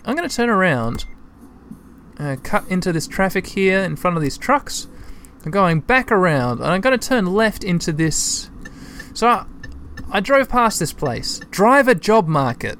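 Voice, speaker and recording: Gravelly-voiced man narrating gameplay. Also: sits high, big pitch swings, moderate pace, fairly bright tone, slight background noise. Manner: chatty, thinking aloud, addresses listeners. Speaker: let's-play host. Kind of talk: casual gameplay commentary.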